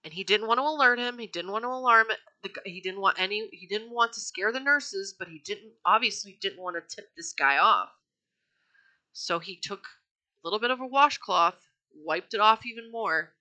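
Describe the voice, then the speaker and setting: A woman's voice: mid-range voice, normal speed, sharp tone. A woman hosting a true-crime podcast, telling the story in a chatty, profane way with lots of fillers and self-corrections.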